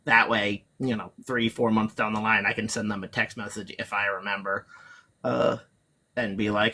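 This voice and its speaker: A man's voice: on the low side, level tone, moderate pace, bright, forceful tone. A man talking as a guest on a live chat stream, rambling along with plenty of fillers and restarts. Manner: rambling, filler-heavy, self-interrupting. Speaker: guest reseller.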